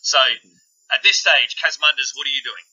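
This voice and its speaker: A man's voice: mid-range voice, normal speed, pushed and bright, slightly rough, muffled recording. A man narrating as game master in a casual tabletop session, swearing and laughing easily.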